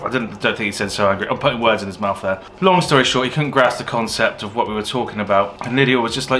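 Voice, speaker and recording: A man's voice: on the low side, quick pace, hardly any pauses, a little hiss or hum. A man with an English West Country accent, a takeaway owner casually telling a story and swearing freely. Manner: swears freely, animated when retelling.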